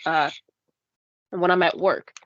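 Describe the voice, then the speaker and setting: A woman's voice: on the low side, fairly even intonation, slow, muffled recording, slight background noise. A young woman co-hosting a podcast, chatting casually with lots of fillers and playful voice imitations. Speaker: podcast co-host. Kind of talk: casual chat. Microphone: podcast mic.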